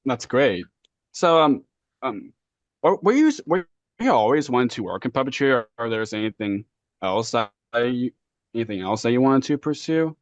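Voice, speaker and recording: Halting male podcast host, dull dry sound. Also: mid-range voice, very animated, no echo. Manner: halting, repeats words. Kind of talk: podcast interview.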